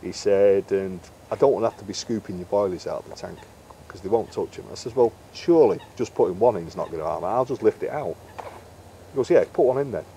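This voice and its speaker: A middle-aged man, an interview guest who angles for carp and makes bait, spins a long, chatty anecdote in this casual storytelling interview, slipping into the voices of the people he quotes. His voice sits a little low with a dark tone, and faint background noise runs underneath.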